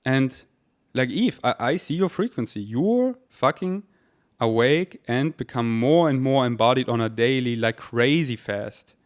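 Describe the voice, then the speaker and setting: A man's voice: mid-range voice, lively intonation, a little slow. A man hosting a podcast, speaking in a rambling spiritual monologue with repeated words and casual swearing; German is his first language. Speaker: podcast host.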